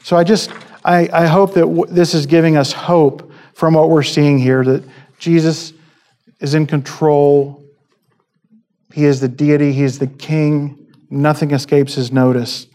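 A man's voice: on the high side, fairly even intonation, a little slow, mellow. A middle-aged man giving an informal sermon as a preacher, with many ums and restarts.

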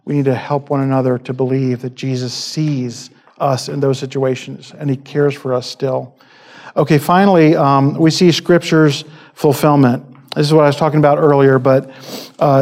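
A man's voice: mid-range voice, darkish tone. Hesitant man preaching a casual sermon. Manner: informal, many ums and restarts.

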